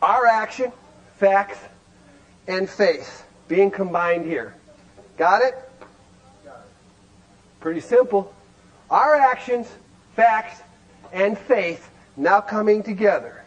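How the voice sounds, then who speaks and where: A man speaking to a recovery group in an animated lecture, firing rhetorical questions and sometimes shouting. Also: high voice, slow, pauses often, highs cut off.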